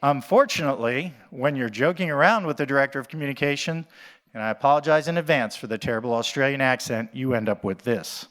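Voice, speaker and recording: A man from the USA giving a conference talk as an animal shelter director. He speaks at an ordinary mid pitch, chatty and quick to joke. He talks straight to the audience. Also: a bit bright. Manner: jokey, conversational, addresses audience directly. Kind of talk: conference presentation.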